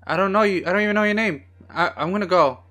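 A man's voice: high voice, fast talker, bright, forceful tone. A man hosting a casual movie watch-along, joking sarcastically at the screen and swearing freely. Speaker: host.

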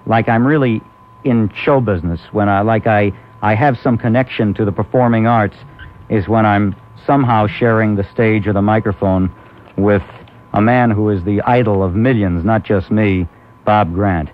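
A man's voice: fairly low pitch, moderate pace. A man hosting a comic talk radio show, rambling and laughing often. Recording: muffled old AM radio recording.

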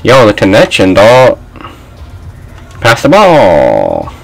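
A young man riffs through his basketball video game session, complaining and trash-talking his teammates. His voice sits low but leaps high and loud when he is outraged. Between outbursts his words come slow and drawn out. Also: wildly swooping pitch, creaky, low-quality recording. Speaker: gaming channel host. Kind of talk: live gameplay commentary.

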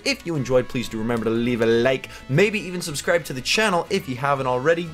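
A man giving excitable commentary over his own video game play as a gaming video host. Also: mid-range voice, brisk, faint music behind. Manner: animated, squeals and baby-talks at cats. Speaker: gaming YouTuber.

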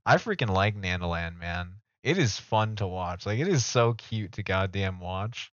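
A man's voice: sits low, lively intonation, unhurried, fairly bright tone, no echo. A young man streaming live, rambling casually and joking with his chat. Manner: rambling, self-mocking, talks to chat. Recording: dull dry home mic audio.

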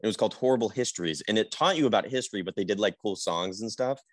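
Young man, low voice, dry close sound; halting, filler-heavy interview chat. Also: dry recording. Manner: rambling, halting, full of fillers. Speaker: actor guest.

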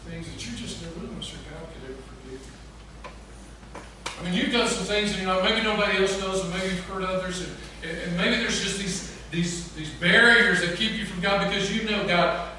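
Animated preacher in an echoey church. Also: male voice, high voice. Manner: folksy, animated storytelling with quoted voices. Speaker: pastor. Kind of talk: sermon. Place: church sanctuary. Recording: echoey church from a distance with noise.

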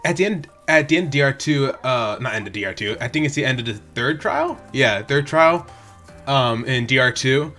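A man chats loosely to his viewers while reacting to an anime episode, his voice bouncing up and down with excitement. He trips over his own words and starts sentences again. Faint music plays quietly behind him. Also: medium pitch, normal speed. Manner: excitable, rambling, frequent restarts and exclamations. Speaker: reaction channel host. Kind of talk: casual anime reaction commentary. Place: home room.

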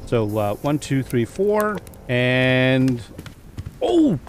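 Male let's-play host, lively up-and-down delivery, chatty, chuckles a lot, counts things under his breath. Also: mid-range voice, drawn-out words, slight background noise. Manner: chatty, thinks aloud and counts items aloud; chuckles often at his own mishaps. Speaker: gameplay commentator. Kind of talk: casual let's-play commentary.

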